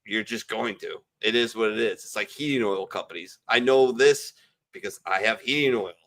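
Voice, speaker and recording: A man's voice: fairly low pitch, moderate pace, a bit bright. Man, podcast host, casual chat, blunt, profane, rambling, video call. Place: home, virtual call.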